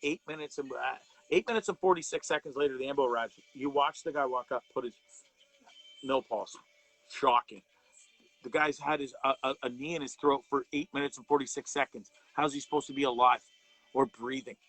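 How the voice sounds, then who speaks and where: A man's voice: medium pitch, steady tone, a little fast, a bit bright, soft background music, poor audio. A man hosting a live show, delivering impassioned commentary in an angry, profane way, often repeating and restarting words. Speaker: host of a live wellness show.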